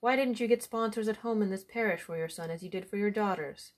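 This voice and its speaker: A woman's voice: mid-range voice, fast talker, natural voice. An authoritative village priest from a folk tale, solemn and lecturing, as a woman reading the story puts him on. He sermonizes with firm rebukes. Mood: stern.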